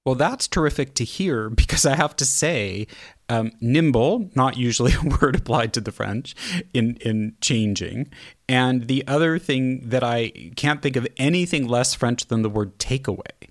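A man's voice: medium pitch, normal speed. A man hosting a podcast interview, asking questions in a conversational, easygoing way. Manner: conversational, easy laughter, some restarts. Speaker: podcast host.

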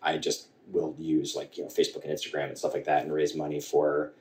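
A man with a very deep voice tells a personal story in a halting, restart-filled way. He sits back from the mic, and the room rings with echo. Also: completely flat delivery, darkish tone. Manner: halting, full of restarts and quoted dialogue. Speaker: podcast guest. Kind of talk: candid storytelling conversation. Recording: echoey room, voice from a distance.

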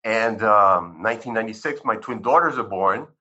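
Bright-voiced man in his sixties telling stories. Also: lowish voice, normal speed. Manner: rambling and conversational, with many fillers and re-enacted quotes. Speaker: interview guest, chiropractor. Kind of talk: personal storytelling in an interview. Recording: slightly muffled recording.

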